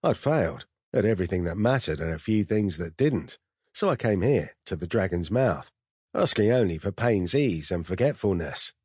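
A man reading a first-person story aloud in a dry, wry, measured way. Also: sits low, expressive, darkish tone, slightly rough, dry recording. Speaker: audiobook narrator. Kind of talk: first-person scripted narration.

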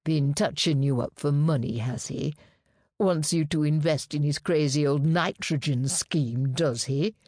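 A husky, sensuous woman, as a narrator puts her on, drawling slow and low with a knowing, quietly threatening edge. Her voice sits deeper than the storyteller's already low speaking voice. It is a storybook figure, read in a dry, close recording. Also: dry recording. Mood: sultry menace. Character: husky sultry woman, brassy, menacing.

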